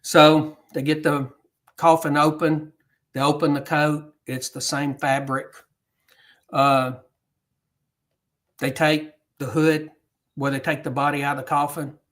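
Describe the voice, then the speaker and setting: A man tells a history story to an audience in an unhurried, storytelling way. He acts out the quoted dialogue along the way. His voice sits a little higher than most men's. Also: a bit bright. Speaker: guest speaker on history.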